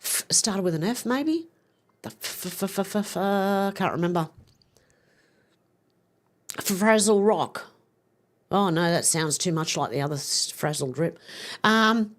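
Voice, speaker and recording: A woman's voice: mid-range voice, lively intonation, unhurried, long pauses. A middle-aged woman hosting a livestream, chatting casually, giggling as she reads viewers' comments aloud. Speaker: livestream host.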